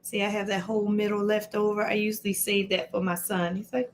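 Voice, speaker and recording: A woman's voice: medium pitch, flat delivery, a little fast, slight background noise. A woman hosting a casual live cooking stream from her home kitchen, chatting to viewers by name while she chops. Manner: chatty, greets viewers by name mid-task. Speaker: livestream cooking host.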